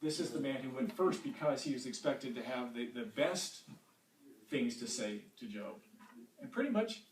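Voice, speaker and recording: A man's voice: medium pitch, expressive, normal speed, a little hiss or hum. A man teaching a Bible study in a church room in a conversational way, often repeating words as he restarts, recorded from a distance in an echoey room.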